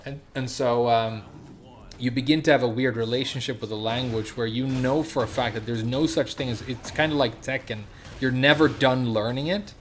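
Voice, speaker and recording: A man's voice: mid-range voice, normal speed. Casual male streamer, rambling delivery, slightly off S sounds, faint background hiss. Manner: rambling, many fillers and restarts.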